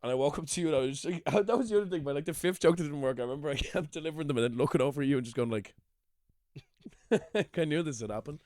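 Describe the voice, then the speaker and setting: An Irish man co-hosting a podcast, telling comedy stories in a casual, animated way, swearing and laughing as he goes. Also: a little high, very fast, no room sound, clean studio sound. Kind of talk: casual storytelling chat. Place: shed.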